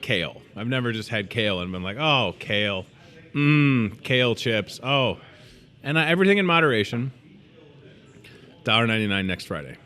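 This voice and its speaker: Casting: thirties male host, playful and jokey, casual promo patter, mid-range voice. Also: mid-range voice. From moved to Iowa as a student. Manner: playful, joking, animated. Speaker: store show host.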